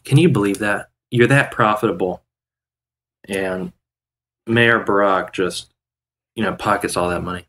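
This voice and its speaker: A man's voice: on the low side, measured pace, pauses often, bright, forceful tone. A young man hosting a day trading live stream, chatting casually to viewers and rambling indignantly with frequent restarts.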